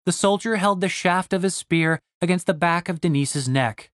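A man narrating an audiobook in a wry, expressive way. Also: high voice, normal speed, no room sound, clean studio sound.

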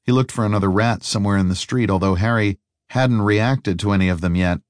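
An audiobook narrator, a man with a fairly low voice, reads a novel aloud at a steady, measured pace. This is scripted narration, recorded dry and at studio quality.

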